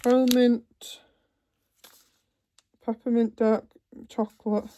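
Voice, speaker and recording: A woman's voice: a little high, little pitch movement, slow, warm tone, dry recording. A woman vlogging at home, chatting casually as she unpacks a cross-stitch kit, with trailing asides. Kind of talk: casual chat while unboxing. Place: home, seated in a computer chair.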